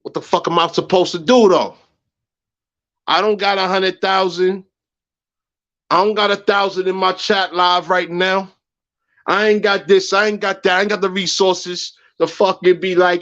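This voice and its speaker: A man rants on a livestream, slightly high-pitched and profane, hammering phrases again and again. He drops to low mutters, then breaks into high shouts, and the audio comes through dull and muffled. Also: a little slow, long pauses. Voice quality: profane, agitated, repeats phrases. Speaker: livestream host. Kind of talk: heated livestream rant.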